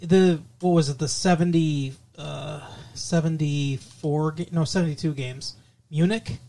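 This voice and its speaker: A man co-hosting a casual podcast, talking in halting, stop-start phrases full of fillers, with a dry, sarcastic sense of humor. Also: a little high, steady tone, creaky, warm tone. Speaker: podcast co-host.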